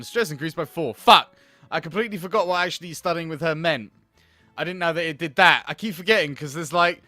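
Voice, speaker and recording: A man's voice: on the high side, sharp tone, dry recording. Sarcastic, swearing man commenting on a game. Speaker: gaming video host. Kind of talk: let's play commentary.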